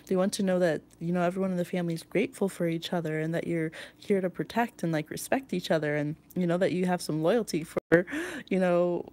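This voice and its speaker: A woman's voice: on the low side, warm tone. A woman giving a pick-a-card tarot reading in a rambling, intuitive way, with many fillers.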